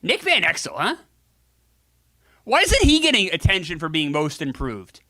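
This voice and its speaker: A man's voice: a little high, wildly swooping pitch, moderate pace, pushed and bright, dry recording. A man hosting a casual video game playthrough, joking with viewers and cursing freely as he comments on the game. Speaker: gaming show host.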